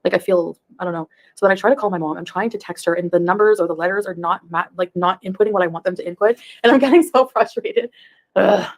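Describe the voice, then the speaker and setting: A woman's voice: mid-range voice, fast. A woman in her thirties, a YouTube reaction streamer, chatting casually on a livestream in a rambling way and laughing often. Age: 30s.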